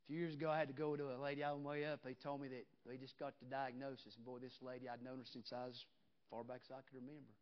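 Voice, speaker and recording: A man preaching a revival sermon in a folksy way, swinging from shouted preaching to hushed storytelling. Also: mid-range voice, flat delivery, quick pace, muffled recording. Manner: folksy, drops into "ain't" and "you know what".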